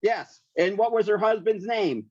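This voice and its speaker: A man's voice: sits high, moderate pace, slightly rough, dry recording. A man co-hosting a podcast, quizzing the others and telling stories in casual chat. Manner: quizzing others, storytelling with restarts. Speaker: podcast co-host. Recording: dull dry lo-fi recording.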